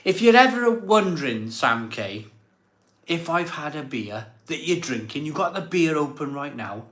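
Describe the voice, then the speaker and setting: A man hosts a casual live stream from a home room set up as a virtual pub, reading viewer messages aloud and thanking them emotionally, repeating words again and again. His voice is a little high and a bit bright, very animated though a little slow, and he sounds emotional, catching his breath. The room is echoey.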